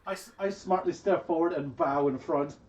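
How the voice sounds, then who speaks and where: Excitable man, distant and dull sound. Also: fairly high pitch, normal speed. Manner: excitable, laughing. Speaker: player. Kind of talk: tabletop role-play banter.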